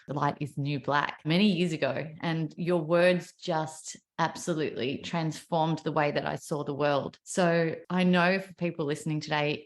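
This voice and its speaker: A woman with an Australian accent hosting a podcast interview, earnest and full of praise. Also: lowish voice. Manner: gushing and earnest. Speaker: podcast host.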